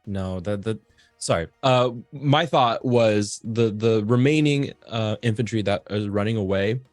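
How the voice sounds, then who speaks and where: A man's voice: lowish voice, measured pace, no echo, clean studio sound, faint music behind. A man playing a tabletop role-playing game, eager and casual. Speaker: player.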